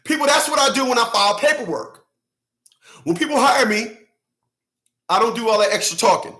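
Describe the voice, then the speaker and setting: A man with a high, bright voice delivering a profane, blunt rant to his viewers. He hammers his points home by repeating single words and curses freely. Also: expressive, brisk, long pauses. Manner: blunt, heavy cursing, repeats words for emphasis. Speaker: channel host commenting on clips. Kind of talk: profane reaction commentary.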